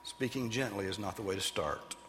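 A man preaching a sermon as pastor, animated and emphatic, sometimes putting on loud voices for the people he quotes. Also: fairly low pitch, brisk, big-room sound, a little hiss or hum.

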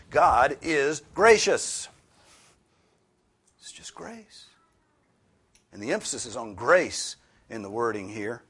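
A man preaching an expository sermon, stressing key words loudly and dropping some phrases to a hushed near-whisper. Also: sits low, slightly rough.

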